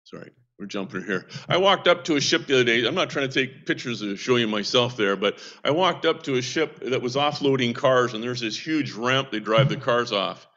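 A man's voice: medium pitch, brisk, few pauses, a bit bright, dull audio. A man who works with a seamen's mission, giving a casual update in a rambling, anecdotal way with frequent restarts.

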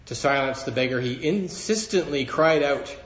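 A man's voice: a little high, animated, moderate pace, reverberant, dull audio. A man preaching a sermon to a congregation, earnest and building emphasis as he quotes scripture. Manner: earnest, rising in emphasis when quoting scripture.

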